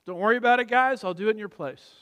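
A man preaching a sermon, emphatic, moving between loud stressed phrases and quiet asides. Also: high voice, fast talker. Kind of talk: expository sermon. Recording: long hall reverb.

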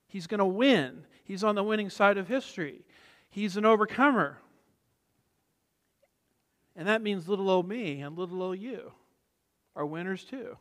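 A high-voiced man preaching with emphatic, punchy stresses that drop into quiet asides. His voice rings out with a long reverb tail, as in a large hall. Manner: emphatic, swings between loud stresses and soft asides. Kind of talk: expository sermon.

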